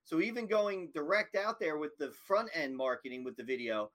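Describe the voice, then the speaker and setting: Enthusiastic male podcast host, bright tone. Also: fairly high pitch, animated, normal speed. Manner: enthusiastic, affirming, conversational. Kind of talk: casual podcast conversation.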